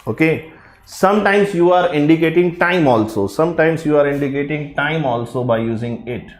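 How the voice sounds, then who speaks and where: A male teacher, giving a live online grammar class and repeating each phrase slowly to drill it. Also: on the high side, reverberant, slight background noise. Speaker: English teacher.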